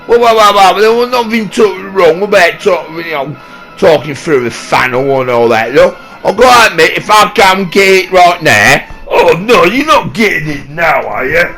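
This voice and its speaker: A man's voice: high voice, expressive, normal speed, pushed and bright, soft background music, low-quality recording. Rowdy young man with a Yorkshire accent. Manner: rowdy, squabbling, swears mildly. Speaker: channel host. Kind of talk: improvised comedy banter.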